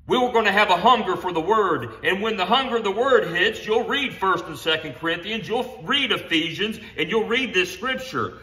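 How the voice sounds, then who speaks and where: A man with a high, very bright and forceful voice preaches a fervent sermon. He drives each point home with "Amen" and stumbles into restarts as he goes. The sound rings off the hard walls of a home garage. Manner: impassioned, repeats "Amen" and "honey", stumbles into restarts. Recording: echoey garage room sound.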